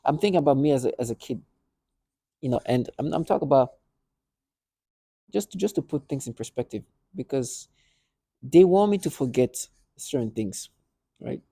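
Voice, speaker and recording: A man's voice: medium pitch, animated, normal speed, long pauses, warm tone, breathy edge, no room sound. A man speaking in a rambling personal monologue, full of restarts and repeated words, acting out remembered conversations. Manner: acts out both sides of remembered conversations. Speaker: vlogger.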